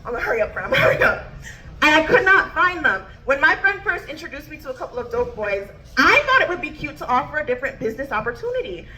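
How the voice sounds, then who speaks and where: A woman's voice: high voice, very animated, quick pace, hardly any pauses, bright, forceful tone, a little hiss or hum. A woman comedian telling a standup story, bubbly and laughing as she goes.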